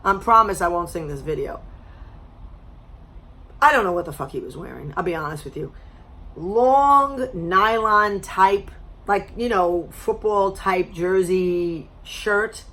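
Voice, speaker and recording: A woman vlogger telling a story to camera in a blunt, animated way, swearing freely, her voice a little strained as she loses it. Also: fairly low pitch, slow pace. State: losing her voice.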